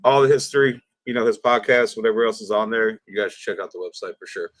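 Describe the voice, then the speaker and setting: A man with a fairly low voice hosts a casual livestream and asks viewers for questions. He sounds friendly and easygoing, poking fun at himself now and then. The sound is dry and close. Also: fairly even intonation, fast, a bit bright, no room sound. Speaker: livestream host.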